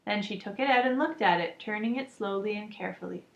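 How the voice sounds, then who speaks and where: A woman reading a children's book aloud calmly, adding casual asides. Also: medium pitch, fast talker, gravelly. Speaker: storybook reader. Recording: echoey room, muffled lo-fi sound.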